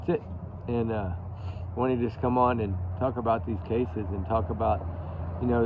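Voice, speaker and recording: A Texan man hosting a casual outdoor livestream, his drawling talk full of restarts and trailing asides. The sound is thin and phone-like. Steady noise hangs behind his voice. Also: on the low side. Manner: drawling, rambling, with many restarts. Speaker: channel host talking about missing-person cases. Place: outdoor backyard by a fire pit. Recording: tinny phone-like audio with background noise.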